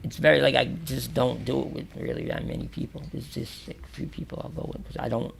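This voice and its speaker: A fast talker with a creaky, mid-range voice, the man is from New York and guests on an interview in a radio or podcast studio, with a little hiss or hum audible. His prison stories come out casual and animated, packed with free swearing and loud, acted-out quotes.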